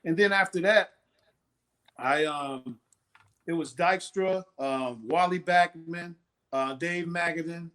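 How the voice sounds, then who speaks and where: A man's voice: a little high, slow. A man in his sixties, a former ballplayer, telling stories in a casual interview and acting out the voices of people he quotes. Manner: animated storyteller, acts out quoted voices. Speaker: former pitcher, guest.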